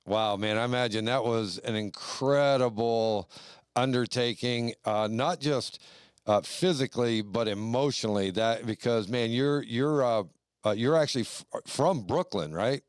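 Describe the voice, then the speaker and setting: A male podcast host with a smooth, clear voice, recorded close and dry. He chats in a loose, rambling way and leans on fillers. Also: medium pitch, unhurried, no room sound. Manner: chatty, rambling with many fillers. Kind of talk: casual podcast conversation.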